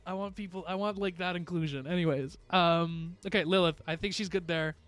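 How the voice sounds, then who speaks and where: A man's voice: high-pitched, steady tone, fairly quick, fairly bright tone, clear, resonant tone, faint music behind. A man streaming live, chatting casually and rambling to his viewers with frequent laughs.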